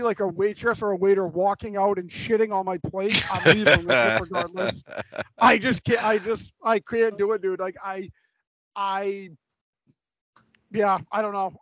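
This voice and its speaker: A high-voiced man with a New England accent gives blunt, profane hot takes on a casual sports podcast. The sound is dry and dull, close and lo-fi. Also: normal speed, pushed and bright, no room sound. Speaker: podcast co-host.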